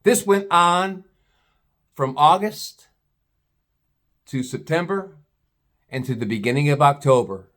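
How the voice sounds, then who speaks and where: A man's voice: a little high, animated, slow, pauses often, fairly bright tone. A man telling a story in a blunt, profane, scornful rant, slipping into put-on voices for other people. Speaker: vlogger. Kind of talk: ranting storytelling monologue.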